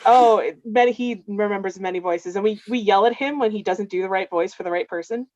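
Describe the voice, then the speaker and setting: A woman's voice: medium pitch, fairly quick, darkish tone, dry recording, highs cut off. A woman chatting casually on a video call, telling long game stories full of fillers. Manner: rambling, filler-heavy storytelling. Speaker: game master staff member. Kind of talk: casual chat on a livestream.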